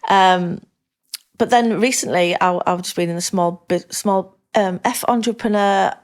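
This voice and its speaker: A woman's voice: mid-range voice, unhurried. A middle-aged woman with a Northern English accent, a podcast guest chatting candidly and rambling a little, laughing easily. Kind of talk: casual interview chat.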